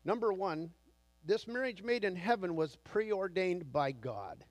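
A man's voice: high voice, animated, measured pace. A male pastor delivering a sermon with a slightly raised, lifted voice. He spins an anecdote full of back-and-forth dialogue, then moves into numbered points. The sound is dry and close, with almost no room echo.

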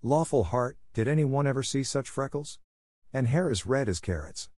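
A man's voice: medium pitch, lively intonation, normal speed, darkish tone, dry recording, clean studio sound, voice pushed up, close to an everyday voice. A man reading the lines of a blunt, outspoken older village woman in an audiobook. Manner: outspoken, disapproving.

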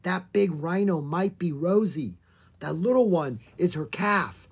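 A reader voicing a cautious, worried young boy giving tense, hushed warnings in a storybook reading. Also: mid-range voice, lively intonation, a little slow, husky, voice pushed up. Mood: tense whisper.

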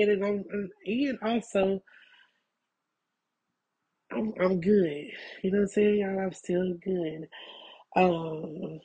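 A woman's voice: mid-range voice, darkish tone, breathy edge. A woman, recovering from a cold, talking casually and frankly as a podcast host, rambling and repeating herself. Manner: rambling and frank, repeats herself, keeps asking "you know what I'm saying". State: getting over a cold. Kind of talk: casual personal update monologue.

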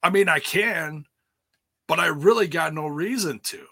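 Guy rambling about last night's wrestling, bright voice, dry close sound, swears a bit. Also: fairly high pitch, measured pace, vocal fry, husky, no room sound. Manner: rambling, candid, swears casually. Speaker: wrestling commentator. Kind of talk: casual chat recap.

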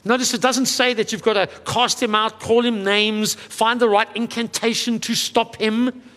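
A male pastor preaching a sermon in an earnest, conversational way, with quick asides. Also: very high voice, little pitch movement, fairly bright tone, in a large hall.

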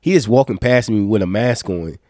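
A man's voice: lowish voice, brisk, no echo, clean studio sound. A man hosting a casual podcast chat while sick with a stuffed-up nose, telling loose, profane stories. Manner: loose, profane, animated storytelling. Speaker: podcast host.

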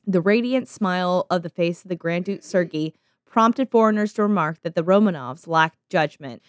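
A woman's voice: fairly low pitch, normal speed, dry recording, studio quality. A woman podcast host reading out a history story, breaking in with laughing, profane asides.

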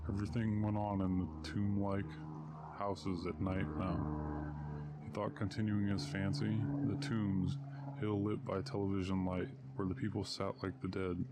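A man reading a story aloud in a measured, steady way. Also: low voice, noisy background. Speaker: narrator.

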